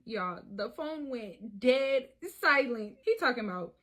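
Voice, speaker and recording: A woman's voice: on the high side, very animated, measured pace, few pauses, a bit bright, husky. A woman telling a personal story in a casual, profane way, often talking to viewers as y'all. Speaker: storyteller vlogger.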